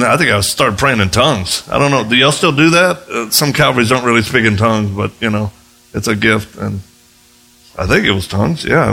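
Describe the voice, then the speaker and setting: Male preacher, gravelly and slightly husky, animated storyteller who leaps into high voices when quoting. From United States. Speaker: missionary preacher. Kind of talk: sermon with storytelling.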